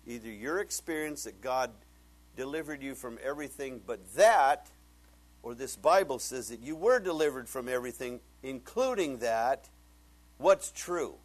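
A man preaching a sermon, retelling a conversation and then building to loud, emphatic preaching. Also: medium pitch, lively intonation, normal speed, rough recording.

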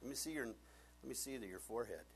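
A man's voice: mid-range voice, lively intonation, fast talker, background noise, lightly acted. A man voicing a feisty ninety-year-old woman with a cane, blunt and dismissive, in a voice close to his own. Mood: scoffing.

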